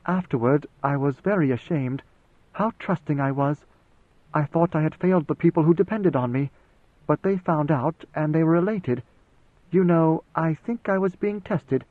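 A man voicing a young woman, a ruler's intended bride, speaking in a soft, measured, composed way. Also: fairly high pitch, no echo, natural voice. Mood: wistful. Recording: dry, phone-like narrow sound.

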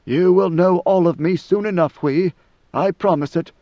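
A man reading an audiobook and voicing an ancient godlike male emperor who speaks slowly and gravely. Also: sits high, dry recording, pitched above the performer's own voice, close to an everyday voice. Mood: solemn. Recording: dull lo-fi dry recording.

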